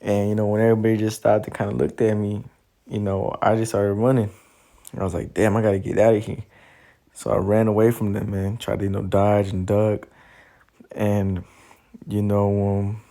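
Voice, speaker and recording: A man's voice: lowish voice, level tone, normal speed, vocal fry, dark tone. A man casually recounting a vivid dream, loose and slangy, full of "you know" and "man". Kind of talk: casual storytelling.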